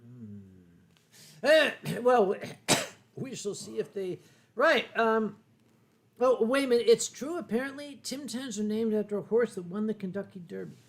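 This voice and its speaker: An older man hosting a boozy chat show, telling rambling stories, swearing freely and stopping to cough and clear his throat. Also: high voice, sing-song, a little slow. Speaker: host. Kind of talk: boozy late-night chat show banter.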